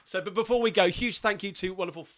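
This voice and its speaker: A man hosting a live-streamed sing-along, chatting cheerfully and quickly between songs. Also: high voice. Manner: chatty, cheerful, rapid asides. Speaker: sing-along host and pianist. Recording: live stream over loud piano. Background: piano music.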